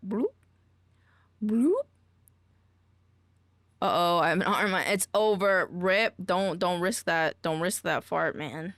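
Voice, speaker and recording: Goofy exclamatory woman streamer, gravelly. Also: lowish voice, slow pace, long pauses, fairly bright tone, no echo. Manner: goofy, exclamatory, swearing, trailing off. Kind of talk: casual live-stream chat.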